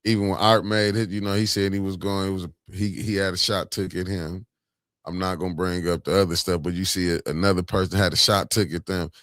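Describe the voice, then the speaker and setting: A man's voice: sits low, fairly even intonation, brisk, fairly bright tone, dry recording, studio quality. A middle-aged man, hosting a casual political chat, laid-back and sarcastic, often laughing. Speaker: host.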